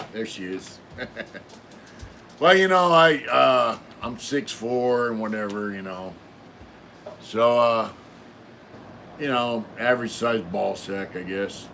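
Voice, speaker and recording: A middle-aged man rambles through a crude story on his live stream, swearing freely and padding his sentences with "you know" and "uh". His pitch sits in the ordinary middle for a man. A faint hiss runs under the voice. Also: slow pace, gravelly, long pauses, sharp tone. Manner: rambling, profane, many fillers. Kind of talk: casual storytelling.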